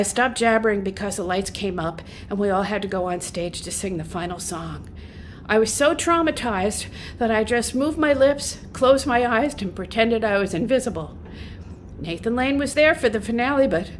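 A middle-aged woman and folk singer, a guest, telling a humorous story in a lively, self-mocking way, often laughing. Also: on the high side, moderate pace, a little hiss or hum.

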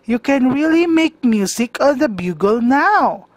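A woman's voice: high voice, expressive, measured pace, dry recording. A woman playing a kind grandma unicorn. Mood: fond.

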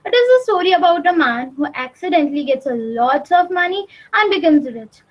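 A woman's voice: high-pitched, animated, brisk, dull audio. A teenage girl with an Indian English accent hosting a school contest, reading formal introductions. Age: teens. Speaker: student host. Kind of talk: announcing the next speaker.

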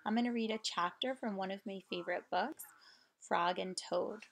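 A woman reading a children's bedtime story aloud in a gentle, unhurried way. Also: mid-range voice, creaky.

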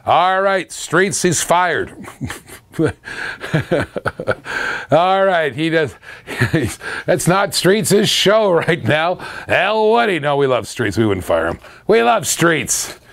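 A man's voice: a little high, big pitch swings, takes it slowly, a bit bright. A middle-aged man hosting a live-stream auction, upbeat and chatty, hyping each lot and humming little scat tunes between bids. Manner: upbeat, hypes items, hums and scats between lots.

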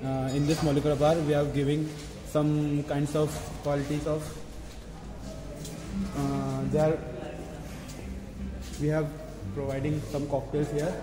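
Man, bartender, eager, halting, slightly high voice, echoey hall, crowd behind. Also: level tone. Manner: eager, halting English, loud bursts. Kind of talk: explaining in an interview.

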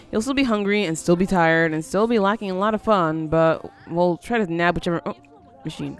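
A woman giving casual let's-play commentary, chatty and easily surprised, coaxing her game character along. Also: fairly low pitch. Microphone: headphones on, desk mic.

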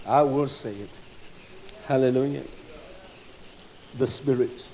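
A man preaching a fervent sermon, swinging from loud, forceful passages to low, quiet stretches, with many filler sounds between phrases. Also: slow. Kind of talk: fiery sermon.

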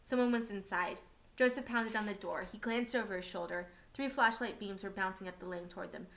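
A woman reading a novel aloud for a class, steady and expressive. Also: medium pitch, a little fast, a little hiss or hum.

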